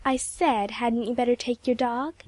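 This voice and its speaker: A woman's voice: fairly high pitch, steady tone, unhurried, a little mellow, no echo. A woman voicing a cold, condescending lady who speaks with icy, sweetly sarcastic politeness.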